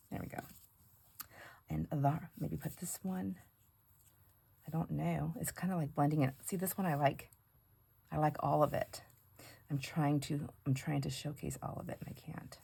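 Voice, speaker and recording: A low, slightly rough voice with vocal fry and a darkish tone belongs to a middle-aged woman hosting a crafting video. As she works she chats casually, rambling through humorous family stories, laughing a lot and mimicking others.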